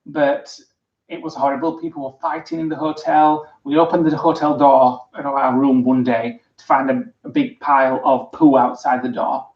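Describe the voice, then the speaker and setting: A man's voice: medium pitch, little pitch movement, normal speed. A man vlogger in casual livestream chat, reading out viewer comments with frequent ums. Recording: roomy, distant, dull sound.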